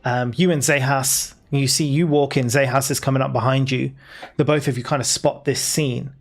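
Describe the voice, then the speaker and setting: A man's voice: medium pitch, fairly even intonation, normal speed. Laid-back man running a tabletop game. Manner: laid-back, laughing, lots of fillers. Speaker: dungeon master. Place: home, live stream.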